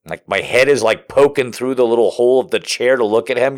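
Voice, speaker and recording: A man's voice: medium pitch, brisk. A man telling a comic story in a profane, self-mocking way. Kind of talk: comedic storytelling.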